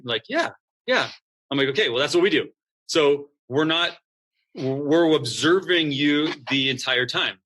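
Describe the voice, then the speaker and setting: A man who founded a school, talking casually as a podcast guest and acting out what students and coaches say. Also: medium pitch. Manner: lively, acts out quoted students and coaches. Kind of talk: casual interview conversation.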